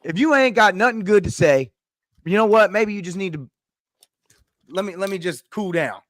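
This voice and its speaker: A man's voice: sits high, expressive, normal speed, fairly bright tone, no room sound, studio quality. A man co-hosting a sports podcast, talking emphatically and with heart, swearing casually. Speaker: podcast co-host.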